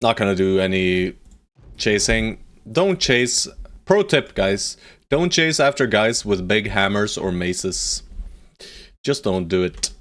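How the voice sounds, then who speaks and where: A man with a lowish voice gives relaxed, playful commentary over a live strategy game. He talks at an easygoing pace and jokes with his viewers. He barks orders at his units and swears casually along the way. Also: takes it slowly. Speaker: streamer playing a strategy game.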